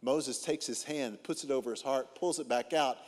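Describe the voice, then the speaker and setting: A man's voice: medium pitch, normal speed. A man preaching a sermon as a guest speaker, telling stories with comic timing and acting out what people said. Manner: comic, animated storytelling with acted-out dialogue. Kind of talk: humorous sermon storytelling. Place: church auditorium. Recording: long reverb of a large hall.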